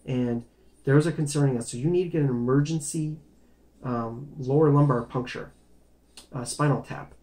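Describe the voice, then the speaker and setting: A man's voice: mid-range voice, moderate pace, darkish tone, lightly acted. A man retelling a blunt female doctor's words in his own slightly raised voice. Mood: brisk. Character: female doctor, brisk and matter-of-fact.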